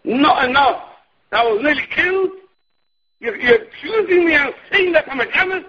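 A man's voice: very high voice, animated, normal speed, pitched above the performer's own voice. A man voicing a wronged young man who insists and pleads, in a dull lo-fi recording. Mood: hurt.

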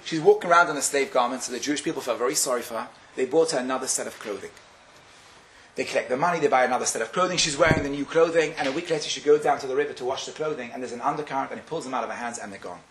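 A man giving a Torah lecture, telling stories with animated delivery and acting out the quotes. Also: very fast, echoey room, a little hiss or hum, rough recording. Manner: animated, acts out quotes with sharp pitch jumps. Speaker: rabbi giving a Torah class.

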